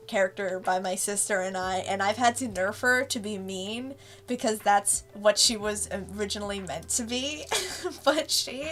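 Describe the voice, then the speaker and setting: A woman's voice: mid-range voice, fairly bright tone. A woman, a webcomic creator, giving a casual, rambling commentary and laughing often between thoughts. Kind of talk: casual director's commentary stream.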